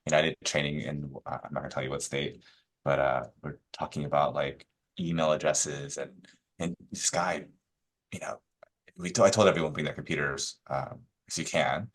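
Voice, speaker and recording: A man, a real estate broker guest on a podcast, telling stories casually with lots of fillers and acting out the people he quotes. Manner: animated, acts out quoted agents with rising pitch; many fillers, quick asides.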